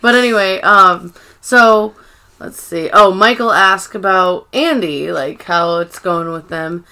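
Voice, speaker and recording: A woman's voice: medium pitch, slow, pushed and bright. A woman in her thirties co-hosting a podcast, recapping episodes in casual, swearing chat and acting out characters' lines. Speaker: podcast co-host.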